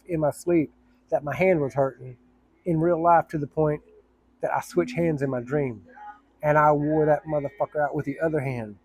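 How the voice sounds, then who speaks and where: A man's voice: fairly high pitch, darkish tone, slightly rough, no room sound. A middle-aged man, a firefighter, telling a personal story to camera in a blunt, profane, rambling way with many restarts.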